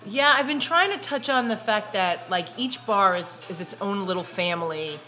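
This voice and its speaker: A woman's voice: medium pitch, moderate pace, sharp tone, faint music behind. Self-deprecating Brooklyn woman host. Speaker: podcast host, bar owner. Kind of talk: casual chat. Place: bar.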